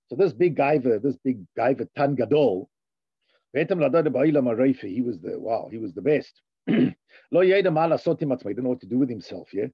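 A man teaches from a text in a gravelly, husky voice. His pitch lifts into a chant on the passages he reads before he drops back to explain them. The recording sounds dry and dull. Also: a little fast, dry recording. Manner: animated, sing-song rises on the read passages. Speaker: Torah teacher. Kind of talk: lecture reading a text and translating.

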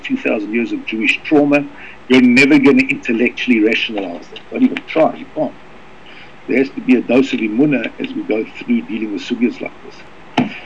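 Male rabbi teaching a class, rapid and gravelly, stumbles and repeats words, dull lo-fi recording with light hiss. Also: mid-range voice. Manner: rapid, halting, repeats words, reads Hebrew fast. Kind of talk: Torah lesson with Hebrew reading. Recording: dull lo-fi recording with faint noise.

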